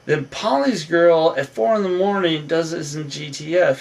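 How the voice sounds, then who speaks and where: Gravelly man rambling through a show recap. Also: a little high, normal speed, hardly any pauses. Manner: rambling, restarts and fillers, acts out quotes. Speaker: vlogger recapping a reality show. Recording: voice a bit distant from the mic.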